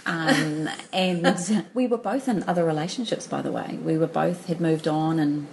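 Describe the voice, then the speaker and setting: Low gravelly woman telling a story. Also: normal speed, a little hiss or hum, rough recording. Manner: warm, laughing, many restarts and fillers. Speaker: podcast guest. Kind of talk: storytelling in a conversational interview.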